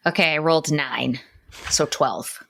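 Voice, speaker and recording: A woman's voice: low voice, a little slow, vocal fry, fairly bright tone. A woman playing a tabletop game, chatting in an easygoing way. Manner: easygoing, laughs often. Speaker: player. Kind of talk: casual tabletop gameplay chat.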